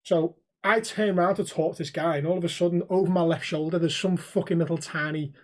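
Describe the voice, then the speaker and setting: A man's voice: fairly high pitch, fairly even intonation, fast, darkish tone. A young man, co-hosting a podcast and telling stories in casual chat, swearing freely and acting out the people in them. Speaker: podcast co-host.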